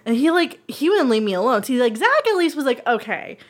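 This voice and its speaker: A woman with a slightly high voice tells a story in casual podcast chat. She swears freely and acts out other people's lines as she goes. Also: a little fast, a little hiss or hum. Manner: animated, swearing, acts out quotes.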